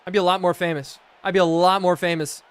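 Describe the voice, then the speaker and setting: A young man streaming a football video game, calling plays excitedly and chatting with viewers between snaps. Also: high voice, fast talker, clear, resonant tone. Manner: excitable, chatty, answers chat mid-play. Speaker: gaming streamer. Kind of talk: live gameplay commentary with chat.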